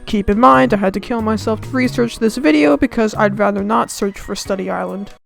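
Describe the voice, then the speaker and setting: A sarcastic American student woman rants on her channel with a gravelly, fry-laden voice. Her complaints are deliberately overblown and mocking. Faint music plays behind her. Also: medium pitch, rough recording. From United States. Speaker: channel host. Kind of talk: comedic rant to camera.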